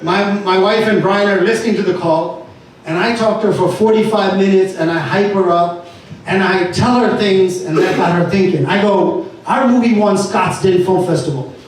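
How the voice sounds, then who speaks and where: High-voiced man telling a story in an echoey hall. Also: moderate pace. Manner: animated storyteller acting out dialogue. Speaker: speaker at an entrepreneur meet-up. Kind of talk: animated storytelling talk. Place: event venue. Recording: echoey room from far off with faint ambience.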